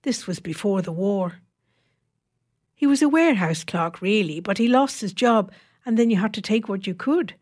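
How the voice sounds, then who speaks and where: Woman narrator as an older housewife, homely rambling chatter, lively ups and downs. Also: medium pitch, normal speed, natural voice. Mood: reminiscing.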